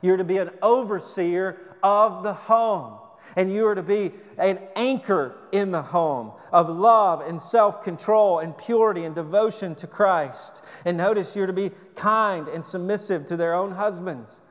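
A man with a notably high voice preaches in earnest, urging tones, often stumbling and restarting mid-phrase. His sermon rings out with a long hall reverb, as if from a church sanctuary. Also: a little slow. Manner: earnest, exhorting, with frequent restarts. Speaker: pastor.

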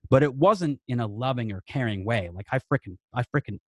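A man's voice: mid-range voice, animated, brisk, dry recording. A man in his late thirties, a podcast guest, telling a personal story in an earnest, rambling way with many restarts. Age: late 30s.

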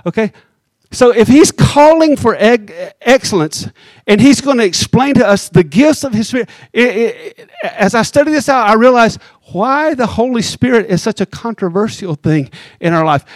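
High-voiced preacher, dry close sound. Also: male voice, no echo. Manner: conversational preaching, teasing the congregation, slows down for emphasis. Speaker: pastor. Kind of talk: sermon.

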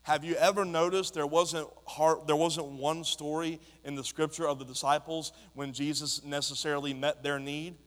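A man's voice: fairly high pitch, flat delivery, normal speed, few pauses. Man preaching in a reverberant church. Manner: impassioned, rising to shouts. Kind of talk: sermon. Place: church sanctuary. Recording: long hall reverb.

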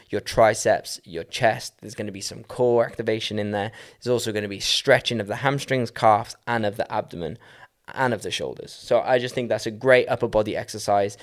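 A man hosting a podcast, casually walking through dance fitness exercises step by step with lots of "like" and "um". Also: lowish voice. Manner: chatty, with fillers like "like" and "um".

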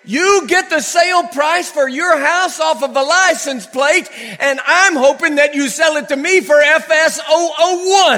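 A man's voice: very high voice, a little slow, few pauses, bright, forceful tone, in a large hall. A middle-aged man preaching a sermon to a congregation, telling stories animatedly with acted-out quotes and laughter. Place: church hall before a congregation.

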